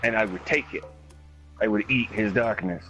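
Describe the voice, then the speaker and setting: A man streaming a game, telling a long story in a casual, animated way, acting out other people's voices and swearing often. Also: fairly low pitch, moderate pace, muffled recording, faint music behind. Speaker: gaming streamer. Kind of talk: casual storytelling while gaming.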